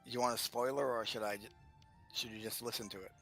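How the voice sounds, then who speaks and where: A man's voice: medium pitch, fairly even intonation, fast talker, gravelly, a bit bright, faint music behind. A man in casual chat during a game stream, rambling and joking with frequent laughter. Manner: jokey, rambling, laughs often.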